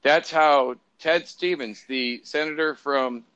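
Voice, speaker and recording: A man talking loosely on a podcast, rambling and sarcastic, with plenty of swearing. His voice is bright and forward, recorded dry and close. The sound is a little dull and lo-fi. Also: a little high, slow pace, smooth, dry recording. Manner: rambling, sarcastic, profane, many fillers and restarts. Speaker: podcast co-host. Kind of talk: casual political chat.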